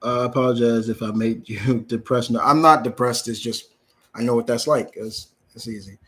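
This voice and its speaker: A man's voice: mid-range voice, fairly even intonation, normal speed. A young man hosting a live Q&A, reading out viewer questions and answering them in a casual, blunt way. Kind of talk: live Q&A chat.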